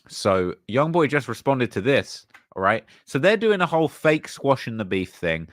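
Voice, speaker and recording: A man's voice: mid-range voice, sing-song, normal speed, no echo, studio quality. A man hosting his channel, giving casual commentary on news and repeating himself with fillers. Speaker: channel host.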